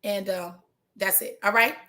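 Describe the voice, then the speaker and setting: A woman, a hair coach, telling her story in animated casual chat and speaking straight to her viewers. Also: medium pitch, unhurried. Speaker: trichologist and hair business coach. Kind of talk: motivational casual talk to viewers.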